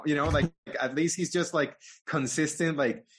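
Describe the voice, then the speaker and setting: A man's voice: on the high side, fairly even intonation, moderate pace, few pauses, a bit bright. A man co-hosting a podcast, rambling through joking asides in casual chat. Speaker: podcast co-host.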